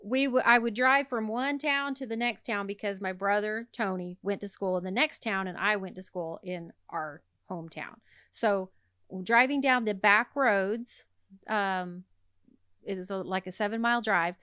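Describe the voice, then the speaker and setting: A woman's voice: medium pitch, moderate pace, clear, resonant tone, no echo, clean studio sound. A woman podcast co-host, telling a story in casual chat with lots of laughter. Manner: animated, laughing as she tells a story.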